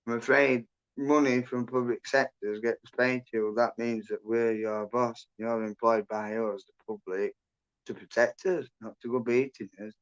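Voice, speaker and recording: A man's voice: mid-range voice, fairly even intonation, moderate pace, clear, resonant tone. A man hosting a casual livestream chat, rambling and blunt, swearing a lot and calling people mate and bro. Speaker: livestream host. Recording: dull lo-fi stream audio.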